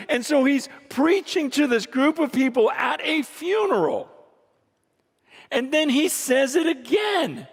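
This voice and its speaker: A man preaching and telling a story, dropping to hushed low lines and rising to loud emphatic peaks. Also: animated, moderate pace. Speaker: pastor. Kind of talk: sermon storytelling. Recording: reverberant hall.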